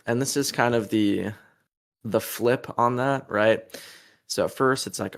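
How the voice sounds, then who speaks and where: A man's voice: medium pitch, unhurried, creaky. A young adult man, a musician being interviewed, talking in a laid-back, profane, casual way and laughing often.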